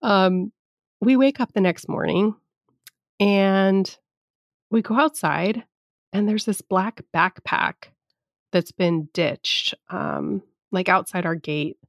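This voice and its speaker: A woman's voice: medium pitch, slow, dry recording, clean studio sound. A woman hosting a podcast, telling personal stories in a chatty, candid way with casual swearing. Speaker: podcast host. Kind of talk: casual storytelling monologue.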